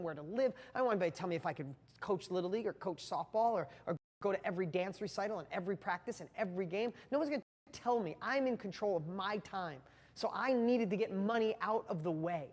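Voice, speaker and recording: A man's voice: high voice, big-room sound. A man giving an earnest, impassioned motivational talk, speaking straight to the viewer.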